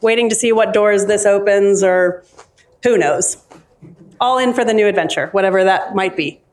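At her book launch, a female author with a mid-range voice chats with a live audience. She often pauses with ums and restarts her sentences.

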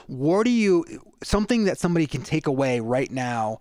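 A man hosting a casual podcast conversation, telling energetic stories and acting out the people he quotes. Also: on the high side, brisk, dry recording, studio quality. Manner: energetic storytelling with acted-out quotes.

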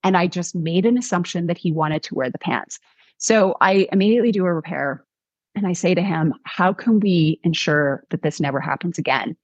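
A middle-aged woman, a guest author, telling a personal story in a conversational, animated way, acting out what people said. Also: on the low side, normal speed, slightly rough, no room sound, lo-fi sound. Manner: animated, acts out quotes.

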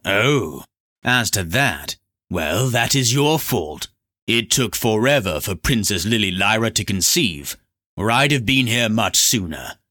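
A man's voice: lowish voice, very animated, measured pace, pushed and bright, full character voice. A man voicing a purring, mocking black sorcerer. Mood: persuasive. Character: scheming mocking male black sorcerer, silky.

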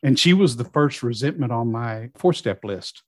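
A man's voice: medium pitch, normal speed, dry recording. Middle-aged man, storyteller, acts out dialogue, dry close recording. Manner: lively storyteller, acting out quoted dialogue. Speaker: guest in recovery. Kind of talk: personal storytelling.

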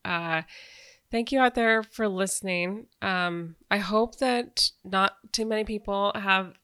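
Bright, enthusiastic female podcast host with a smooth, clear voice. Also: mid-range voice, takes it slowly. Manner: enthusiastic, gushing. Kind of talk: casual conversation.

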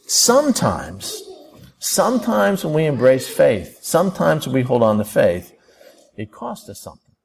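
A man preaching a sermon in an animated way, acting out prayers and quoted thoughts as he goes. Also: medium pitch, normal speed, creaky. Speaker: pastor.

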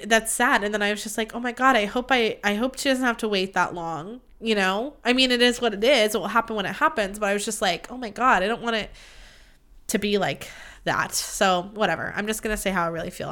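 A young woman with a medium-pitched, fairly bright voice hosts her own casual solo podcast. She rambles candidly in a confessional style and swears freely.

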